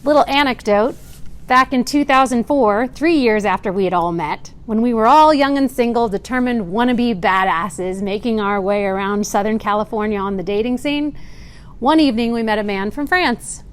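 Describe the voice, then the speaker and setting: A woman in her forties with a fairly high voice reads a prepared testimony. She speaks earnestly and steadily, and now and then she adds a dry, wry aside. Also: moderate pace, smooth. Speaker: Marine veteran giving testimony. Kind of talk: prepared speech read aloud.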